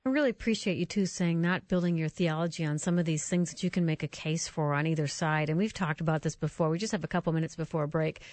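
A woman's voice: low voice, fast, few pauses, darkish tone, no room sound. A woman hosting a Christian radio talk show, chatting earnestly and telling stories. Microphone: studio microphone.

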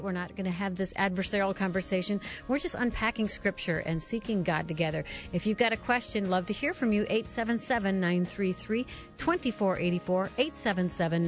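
A woman hosting a Christian radio talk show, chatting earnestly and telling stories. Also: medium pitch. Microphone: studio microphone.

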